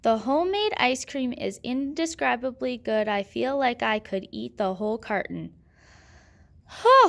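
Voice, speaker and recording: Woman, teacher, slow patient explaining, gravelly voice, grammar lesson. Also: on the high side, a bit bright. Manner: slow, patient teacher, asking and answering her own questions.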